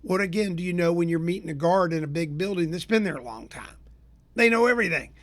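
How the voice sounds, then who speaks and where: A man from Florida with a fairly high voice rants about sales to his listeners, folksy and energetic. He tells stories as a consultant would, bringing the people in them to life as he goes. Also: fast. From Tampa area, Florida. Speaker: business consultant and show host. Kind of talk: storytelling rant to listeners.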